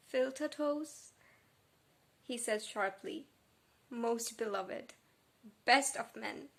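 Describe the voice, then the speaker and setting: A young woman talks through her reading vlog in an unhurried, drawn-out way, her voice sitting a little high. She gushes with feeling and sounds close to tears. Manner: emotional, gushing, close to tears. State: tearful. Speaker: book vlogger. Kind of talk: casual reading vlog chat.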